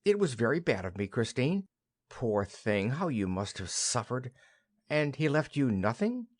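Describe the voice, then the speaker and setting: A man's voice: mid-range voice, very animated, a little slow. A man reading as chattering young wife Nora. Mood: gentle. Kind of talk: audiobook play reading.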